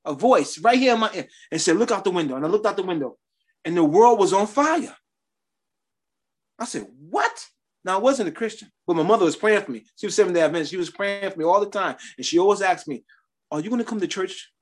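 A man's voice: sits high, lively intonation, quick pace. A man preaching a sermon, sharing his testimony in a conversational style with emphatic rises.

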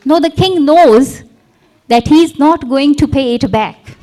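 A woman's voice: sits high, slow pace, mellow. A woman preaching a sermon, retelling a parable and acting out its characters. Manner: acts out parable characters with props and volunteers.

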